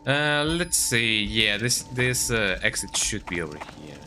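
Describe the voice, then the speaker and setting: Male streamer, lowish bright voice, animated casual commentary, game music behind. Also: measured pace. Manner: chatty, lively, tags sentences with "eh?". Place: home, with a cat on his lap.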